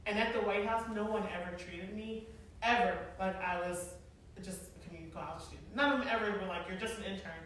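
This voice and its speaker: A woman in her forties telling stories to an audience in a casual, animated way, laughing often and using many fillers. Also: medium pitch, brisk. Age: 40s. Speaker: guest speaker, former event planner. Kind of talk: casual storytelling talk to an audience. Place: large echoey hall. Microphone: far from the mic. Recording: echoey hall, distant mic, faint noise.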